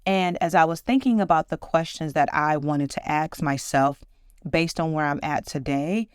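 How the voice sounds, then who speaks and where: In a casual solo podcast, a woman in her forties reflects warmly and upbeatly on her own life. She has a low, clear, resonant voice and a moderate pace, and the recording is dry and of studio quality.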